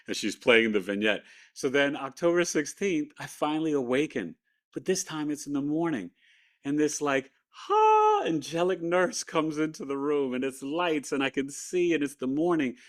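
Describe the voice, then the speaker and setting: A man telling his near-death story in a casual, animated way. He acts out the voices of the people in it. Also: mid-range voice. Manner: animated retelling, acting out quoted voices. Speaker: guest recounting a near-death experience. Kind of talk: personal storytelling.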